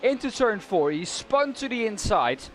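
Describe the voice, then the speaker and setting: Male co-caller, higher voice, dry teasing, faint noise under. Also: sing-song, normal speed. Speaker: sim racing co-commentator. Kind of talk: live race commentary banter.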